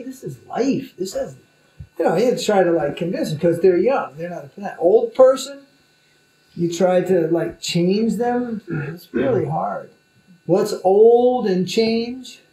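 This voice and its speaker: A man's voice: fairly high pitch, creaky, mellow, reverberant, low-quality recording. A man who is a spiritual teacher, talking informally in loose, rambling speech with many fillers. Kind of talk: informal conversation.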